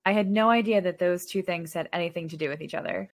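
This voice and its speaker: A woman co-hosting a podcast who reacts to the story with quick remarks and questions. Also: lowish voice. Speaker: podcast co-host. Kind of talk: casual podcast chat.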